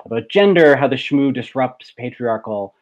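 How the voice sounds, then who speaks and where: A man's voice: mid-range voice, lively intonation, normal speed. A man speaking as a show guest in casual discussion, hesitant and full of restarts, over a video call. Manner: hesitant, many ums and restarts. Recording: tinny phone-like video call.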